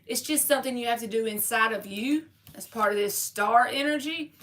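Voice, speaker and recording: A woman's voice: fairly high pitch, moderate pace, a bit bright. A woman giving a live-stream tarot reading, talking casually and straight to her viewers in slangy everyday speech. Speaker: tarot reader.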